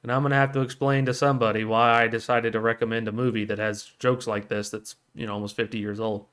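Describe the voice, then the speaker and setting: A man co-hosting a casual podcast, retelling a film scene with lively energy and leaping into high voices for the characters he quotes. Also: quick pace, clean tone. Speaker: podcast co-host. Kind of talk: casual chat.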